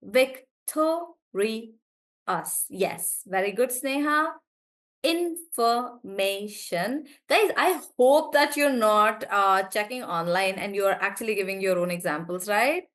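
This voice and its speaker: A woman teaching a live online English class, warmly praising students and slowly drawing out words as she models how they sound. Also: mid-range voice. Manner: encouraging, drawn-out words when modelling pronunciation.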